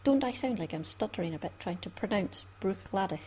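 A woman's voice: medium pitch, expressive, a little fast, dark tone, breathy edge. A Scottish woman hosting a craft podcast in a chatty, laughing way. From Scotland. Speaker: podcast host. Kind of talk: casual chat.

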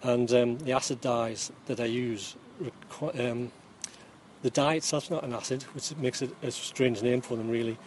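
A man's voice: medium pitch, fairly even intonation, moderate pace, a little mellow, a little hiss or hum. A middle-aged man from Newcastle with a Geordie accent, explaining his work in a rambling way with dry humour and lots of ums. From Newcastle, England. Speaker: yarn dyer and former chemistry teacher. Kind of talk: casual interview answers. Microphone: interviewer's phone.

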